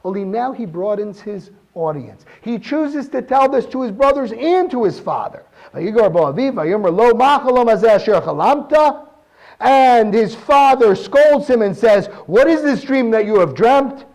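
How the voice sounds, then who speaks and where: A man with a high voice gives a weekly Torah talk. His pitch swings widely as he poses one question after another. He reads verses aloud in Hebrew between his points. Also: expressive, moderate pace, gravelly, darkish tone. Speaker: Torah teacher.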